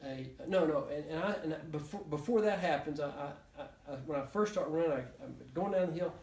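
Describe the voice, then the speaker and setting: A man's voice: fairly high pitch, fast talker, darkish tone. A man telling a story to a small group, rambling with many restarts and chuckles. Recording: echoey room, mic from far off.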